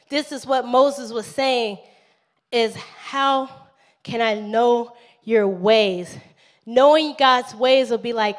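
High-voiced woman pastor preaching. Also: unhurried. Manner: animated preaching, calls for amens, acts out prayers. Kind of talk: live sermon.

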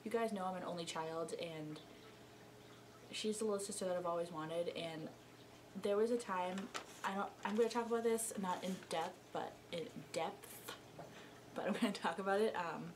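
Excitable young woman opening gifts. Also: medium pitch, moderate pace, long pauses, a little hiss or hum. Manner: excitable, swings from gushing to hushed. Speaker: friend opening gifts on camera. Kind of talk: casual excited chat.

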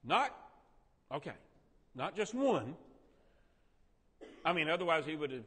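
A man leads a Sunday school Bible lesson, his voice high and bright with big swings in pitch. He asks the class questions and jokes with them. The long reverb of a church room trails behind him. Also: unhurried, slightly rough. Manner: animated, quizzes and jokes with the class.

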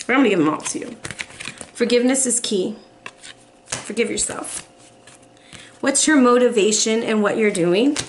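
A woman in her forties talks viewers through a tarot reading in an earnest, emotional way, pausing to sigh between messages. Her voice sits a little high, and faint noise hums under the recording. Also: a bit bright. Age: 40s. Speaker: tarot reader.

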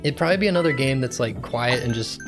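A man's voice: mid-range voice, lively intonation, quick pace, over music. Chatty young man streaming a game. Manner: rambling, chatty. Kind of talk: casual gameplay commentary.

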